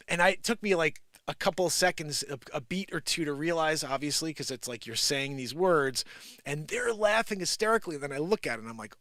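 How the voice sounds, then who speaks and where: A man's voice: on the high side, animated, quick pace, fairly bright tone, no echo, clean studio sound. A man hosting a live show, riffing on news stories with giggles and rambling asides. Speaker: live comedy show host. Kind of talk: improvised comedy news riff.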